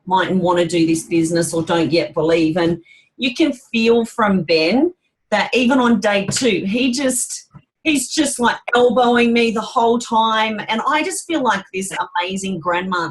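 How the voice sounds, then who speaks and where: A woman hosting a motivational team call, talking in a quick, enthusiastic and animated way. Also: mid-range voice, rough recording. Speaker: call host.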